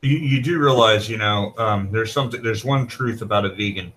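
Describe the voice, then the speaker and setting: A man's voice: lowish voice, fairly quick, fairly bright tone, a little hiss or hum. A man in a casual podcast chat, making dry, laid-back jokes.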